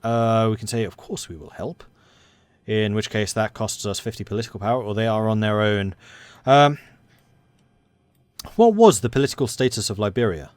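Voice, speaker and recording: A man's voice: fairly low pitch, a little fast, clean tone, dry recording. Man reading game news in a put-on American accent. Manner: reads in-game event text in a put-on American accent that drifts; chatty asides to viewers between readings. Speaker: streamer playing a strategy game. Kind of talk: live gameplay commentary.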